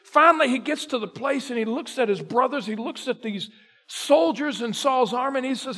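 Retelling a story with drama, this pastor speaks at normal speed in a very high voice. His sermon moves from loud emphasis down to almost a whisper.

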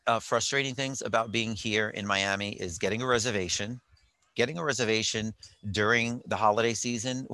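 Bright-toned man, chatty and rambling. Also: mid-range voice, no room sound. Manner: chatty, rambling, wry asides. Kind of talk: casual storytelling monologue. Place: hotel on vacation.

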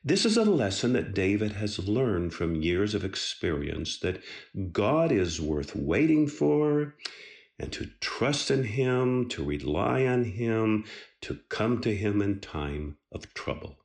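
A man with a very low voice delivers a sermon slowly and earnestly, leaning on key words and letting his pitch rise and fall widely. The sound carries the echo of a large room. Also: big pitch swings. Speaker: preacher. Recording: echoey room.

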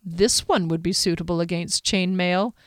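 A woman voicing a tough, blunt female fighter speaking softly. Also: lowish voice, steady tone, moderate pace, dry recording, studio quality, close to an everyday voice. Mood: wry. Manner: blunt, soft-spoken.

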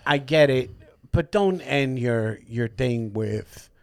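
A man's voice: medium pitch, slow pace, dry recording, clean studio sound. A man co-hosting a podcast, blunt and profane in casual comedic banter. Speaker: podcast co-host.

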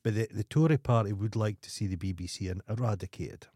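A man's voice: fairly low pitch, warm tone, slightly rough, dry recording, studio quality. A man co-hosting a podcast, talking in a casual, sweary, ranting way and cutting in often. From Scotland. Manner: sweary, ranting, quick to interrupt. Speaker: podcast co-host. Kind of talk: casual chat.

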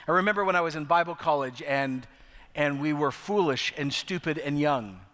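A middle-aged man preaching a sermon as pastor, earnest, slowing down to stress key phrases. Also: fairly high pitch, fairly bright tone. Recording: long reverb of a large hall.

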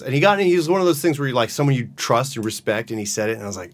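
A man's voice: medium pitch, rapid-fire, few pauses. A man in casual conversation who laughs often, acts out quotes and swears freely. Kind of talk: casual chat.

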